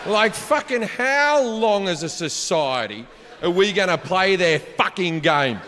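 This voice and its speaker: High bright comic on stage. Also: male voice, measured pace, a little hiss or hum. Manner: profane, animated, shouts punchlines. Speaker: stand-up comedian. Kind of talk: stand-up storytelling. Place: large theater stage. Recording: live hall reverb, faint crowd ambience.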